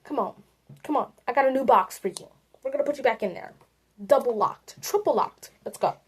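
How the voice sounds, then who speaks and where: A woman's voice: on the high side, brisk, husky. A woman putting on a creepy possessive male monster. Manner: creepy, insistent coaxing. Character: toxic, coaxing male monster experiment, possessive.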